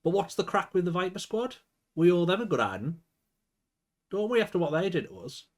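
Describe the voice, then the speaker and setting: A tough young woman wrestler itching to settle a score, read out by a man. The delivery sits a little higher than his usual voice and stays a plain reading. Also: sing-song, fairly quick. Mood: grudging. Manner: read aloud in his own voice, raised pitch.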